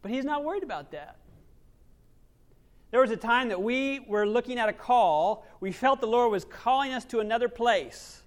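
Preaching a sermon, a male pastor with a strikingly high voice speaks with animation and lively intonation at a normal pace. He alternates between loud, emphatic lines and hushed, almost whispered asides, and adopts quoted voices to drive his points home.

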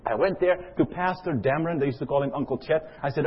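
A man's voice: on the high side, fast talker, breathy edge, muffled recording. A middle-aged man from Africa, preaching a sermon and telling a personal story, often putting questions to the audience. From South Africa.

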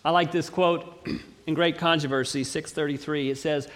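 A man preaching a sermon, reading scripture aloud and building to dramatic, slowly emphasized declarations. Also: a little high, lively intonation, a bit bright, long reverb tail. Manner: preaching with dramatic swells and slow emphatic pauses.

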